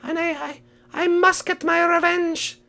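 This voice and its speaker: A woman voicing a young male black cat who swings between shrieking outbursts and low, menacing muttering in an improvised game role-play. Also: flat delivery, measured pace, creaky, bright, forceful tone, full character voice. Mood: aggrieved.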